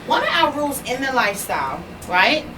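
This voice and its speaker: A woman guest on a radio talk show, explaining things in an expressive way. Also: high-pitched, brisk, over a noisy crowd, poor audio. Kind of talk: casual chat.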